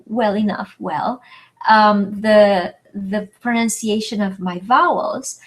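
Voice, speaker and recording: A woman whose first language is French, teaching in a webinar lesson, speaking slowly and deliberately and stretching her vowels to enunciate everything. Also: mid-range voice, fairly even intonation, rough recording. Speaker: French tutor.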